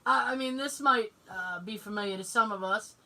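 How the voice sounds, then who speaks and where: A woman in her forties co-hosting a podcast, telling family stories in casual chat, animated, laughing often and swearing freely. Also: mid-range voice, normal speed, vocal fry. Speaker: podcast co-host. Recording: distant mic, noisy.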